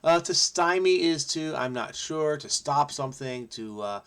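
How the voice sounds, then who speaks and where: A man from New Jersey solving a crossword aloud, excitable and frenetic, muttering to himself and breaking into snatches of song. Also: fairly high pitch, a little slow, smooth. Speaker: crossword solver host. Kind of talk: thinking aloud while solving.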